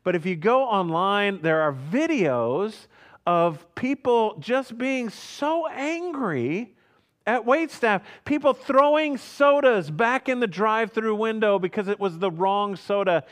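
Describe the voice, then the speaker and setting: A man's voice: high voice, animated, slow, fairly bright tone. A man from Houston, Texas, telling a personal story in an earnest, conversational way, often restarting his sentences and laughing briefly.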